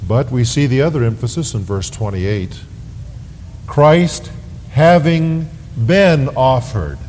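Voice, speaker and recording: Man, pastor, sermon, deliberate emphatic delivery, long church reverb, faint rumble. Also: lively intonation, darkish tone. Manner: slow, deliberate preaching with emphatic stresses.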